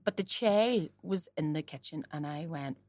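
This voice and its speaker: A woman's voice: low-pitched, expressive, darkish tone, dry recording. A woman in her thirties, co-hosting a comedy podcast and telling a crude, laughing story in casual chat. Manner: bawdy, storytelling, quick to laugh. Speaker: podcast co-host.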